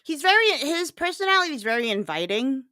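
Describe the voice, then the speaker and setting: A woman's voice: high-pitched, big pitch swings, a little fast, pushed and bright. A woman talking bluntly and emphatically as a guest on a casual livestream chat, swearing freely and rambling with restarts.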